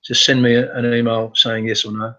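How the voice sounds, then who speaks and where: A man hosting a casual live computer training webinar, talking in a halting way with many fillers and restarts. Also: medium pitch, little pitch movement, sharp tone, highs cut off.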